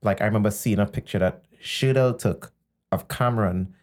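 A man's voice: lowish voice, moderate pace. A man who is a guest on a podcast, telling a rambling story full of fillers. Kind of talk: casual podcast chat.

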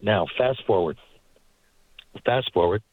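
Man, 40s; lowish, dry-recorded, rambling storyteller guest. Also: slow, dry recording, narrow, tinny audio. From Newfoundland, Canada. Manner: rambling, animated anecdotes with frequent asides. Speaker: guest, former hockey player and actor. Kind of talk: casual storytelling interview. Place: parked car.

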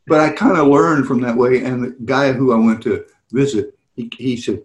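A man's voice: medium pitch, moderate pace, reverberant. A man chatting with a fan on a video call, telling anecdotes with lots of laughter and acted-out voices. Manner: animated, laughs often, acts out voices in anecdotes. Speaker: celebrity hosting fan meet and greets. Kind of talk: casual storytelling chat.

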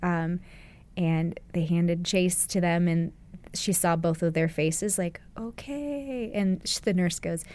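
A woman's voice: on the low side, little pitch movement, a little slow, darkish tone, smooth. A woman who produces a recovery podcast, chatting casually in a booth, bubbly and giggly. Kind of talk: casual chat. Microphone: studio mic.

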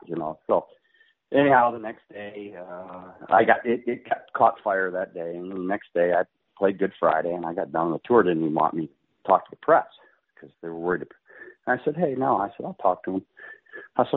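A middle-aged man, a pro golfer, telling a story casually and acting out the quotes with laughs. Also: sits low. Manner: animated, acts out quotes, laughs often. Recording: phone-like radio line.

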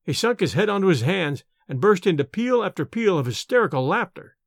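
Man narrating an audiobook, high lively voice. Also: fairly quick, no room sound, clean studio sound.

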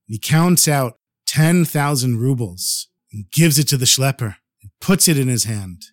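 Expressive male storyteller, dry close sound. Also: medium pitch, unhurried, hardly any pauses, no room sound. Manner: expressive, warmly addressing listeners. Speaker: storyteller and podcast host. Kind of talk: storytelling podcast narration.

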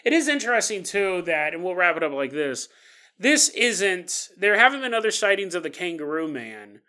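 Animated, high-voiced male podcast host. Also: normal speed. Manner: animated, jokey, laughs often. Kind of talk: casual storytelling podcast.

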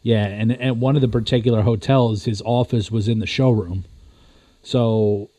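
A young man on a casual podcast, relaxed and hesitant, with plenty of fillers. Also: on the low side, normal speed, no room sound. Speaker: podcast co-host.

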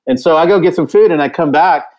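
A man's voice: fairly high pitch, fast talker, rough recording. A man casually telling a rowdy touring story, swearing freely and filling his talk with "like" and "dude.". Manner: profane, animated, lots of "like" and "dude". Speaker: touring musician telling stories.

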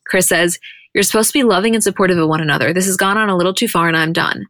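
A woman co-hosting a podcast, recapping a show in casual chat and quoting people in quick animated bursts. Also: lowish voice, no room sound, studio quality. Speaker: podcast co-host.

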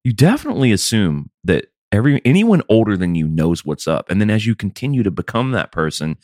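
A man's voice: lowish voice, big pitch swings, brisk, darkish tone, dry recording, studio quality. A man in his thirties from the American South, co-hosting a podcast in a casual, rambling, wry and sometimes profane way. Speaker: podcast co-host. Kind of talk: casual chat.

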